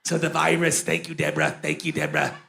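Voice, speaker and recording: A man doing an impression of an elderly male health official who talks low and mumbles through stumbling phrases. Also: big pitch swings, quick pace, gravelly, sharp tone, heavily acted. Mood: mumbling.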